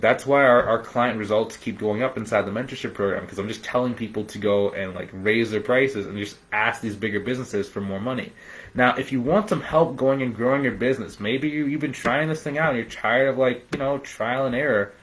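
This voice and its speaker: A young man hosts a live business training in a loose, high-energy way, full of "man" and "dude". He slips into quick little voices to act out clients haggling. His pitch sits in a middle range for a man. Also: a bit bright, rough recording. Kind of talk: live-streamed coaching talk.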